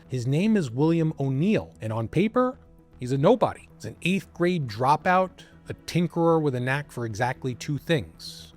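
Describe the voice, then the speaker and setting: A man narrating a scripted documentary with dramatic storytelling and asides to the listener. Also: mid-range voice.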